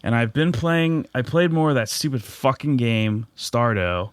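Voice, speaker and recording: A young male podcast host chats casually and brashly, swearing freely and teasing his co-host. His voice sits at an ordinary mid pitch. The recording is dry and close. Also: lively intonation, unhurried, clear, resonant tone, no echo. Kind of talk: casual chat.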